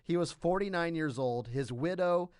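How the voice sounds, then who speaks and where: A man's voice: on the high side, normal speed, a little mellow, smooth, no echo. A man appearing as a guest on a live comedy podcast, riffing sardonically about a TV show and mock-quoting its lines. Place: live podcast recording before an audience.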